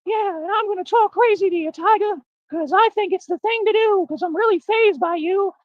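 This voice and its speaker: A man voicing a jealous house cat that poses as tough, in a mocking squeaky falsetto. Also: a little fast, no echo, dull audio.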